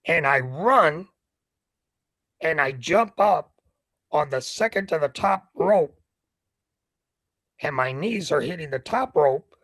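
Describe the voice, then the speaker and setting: An older man with a gravelly, husky voice, a ring announcer telling stories as an interview guest and acting out the scenes. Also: on the high side, slow, long pauses, no room sound, low-quality recording. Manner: lively storyteller who acts out scenes. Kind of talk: animated anecdote telling.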